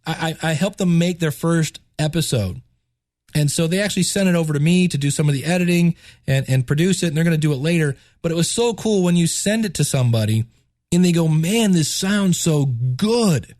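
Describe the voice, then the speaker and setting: Enthusiastic male podcast host and teacher, congested, higher register, dry sound. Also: quick pace, dry recording. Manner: enthusiastic, repeats words when excited. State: stuffed up, congested. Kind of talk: casual solo podcast talk.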